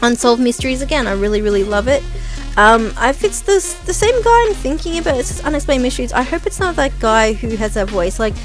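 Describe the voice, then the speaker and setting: A woman's voice: on the high side, very animated, fast, faint music behind. A woman vlogging casual commentary on video listings, rambling with many ums and frequent chuckles.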